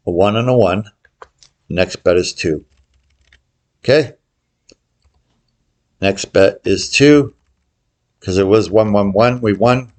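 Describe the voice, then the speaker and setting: An older man hosting a gambling tutorial, calling out bets to viewers in a casual, joking way. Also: on the low side. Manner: chatty, jokey, calls out bets to viewers. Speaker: baccarat tutorial host. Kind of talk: casual commentary over live bets.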